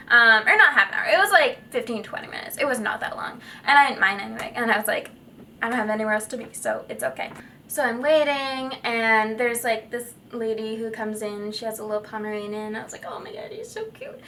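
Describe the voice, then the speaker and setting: A woman's voice: fairly high pitch, pushed and bright, distant mic, slight background noise. A young woman telling a story in a casual vlog, chatty and giggly with lots of fillers. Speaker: vlogger.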